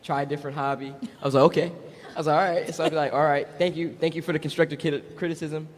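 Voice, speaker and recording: A male actor and streamer speaking on a live panel in a relaxed, matter-of-fact way. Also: on the high side, fast talker. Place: large event hall. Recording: hall reverb, faint noise.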